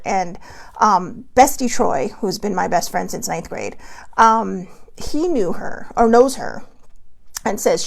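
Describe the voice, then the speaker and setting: A woman's voice: medium pitch, big pitch swings, unhurried, vocal fry. A middle-aged woman hosting a casual self-help vlog from her desk at home, talking candidly and rambling with many fillers. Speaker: host.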